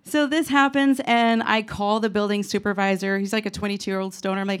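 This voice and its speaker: A woman's voice: medium pitch, steady tone, a little fast, smooth. A woman telling a comedic personal story in a rambling, self-mocking way, full of "like" and "you know".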